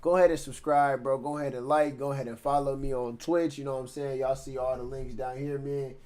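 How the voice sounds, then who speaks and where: A man's voice: mid-range voice, level tone, brisk, darkish tone. A male streamer host talking casually and laughing along, signing off his stream. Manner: laid-back, laughs often, slangy. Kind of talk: casual live-stream chat.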